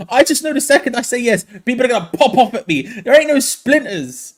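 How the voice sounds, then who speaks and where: Young man, fan watch-along host, light voice, animated and exasperated. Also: high voice, brisk. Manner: animated and excitable, laughing, frustrated groans. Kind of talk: live fan commentary.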